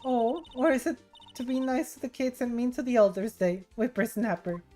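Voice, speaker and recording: A woman voicing a shrill, indignant old woman guard in a courtroom game. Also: moderate pace, mellow, soft background music, close to an everyday voice. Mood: cranky. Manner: screechy and indignant.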